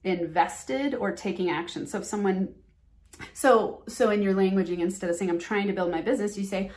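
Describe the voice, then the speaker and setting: Earnest and emphatic, this business coach runs a motivational podcast and performs the phrases she urges listeners to drop. She speaks a little fast in a mid-range, darkish voice.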